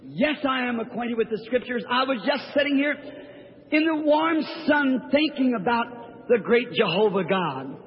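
A humble old blind beggar pleads in courteous old-fashioned words, as a man preaching acts him out. The voice is high and unhurried. It carries a long hall echo on a dull lo-fi recording. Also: expressive, slightly rough, full character voice. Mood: pleading. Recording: echoey hall, dull lo-fi sound.

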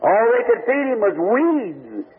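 A man's voice: high-pitched, wildly swooping pitch, a little slow, slightly rough. An older man preaching a folksy testimony sermon, telling homely stories with stammered restarts, on a tinny old recording.

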